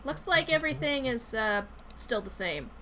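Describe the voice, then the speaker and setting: Playful woman streamer with lively pitch. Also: moderate pace, slight background noise. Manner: chatty, playful, reads game text aloud. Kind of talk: live game playthrough reading dialogue.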